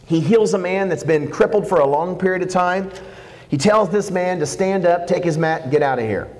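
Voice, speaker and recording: A man preaching a sermon, animated and jokey, acting out quotes as he goes. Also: sits high, moderate pace, long reverb tail. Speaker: pastor.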